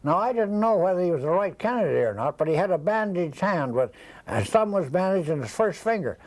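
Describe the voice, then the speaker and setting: Brief: older man, high-voiced, rambling raconteur who slips into the voices of people in his stories. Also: very animated, brisk, darkish tone, rough recording. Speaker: interviewee, storyteller. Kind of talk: casual anecdotal storytelling.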